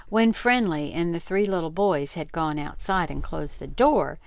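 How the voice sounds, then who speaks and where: An older woman reading a children's storybook aloud, expressive and animated, with a lowish voice and lots of lilt. A gravelly edge runs through her voice, and the recording is close and dry. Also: unhurried, hardly any pauses, no room sound.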